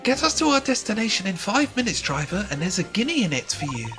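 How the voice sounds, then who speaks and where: A woman's voice: medium pitch, big pitch swings, fast talker, a bit bright. A woman voicing a polite young woman assistant who speaks in a prim, formal and earnest way, with game music behind.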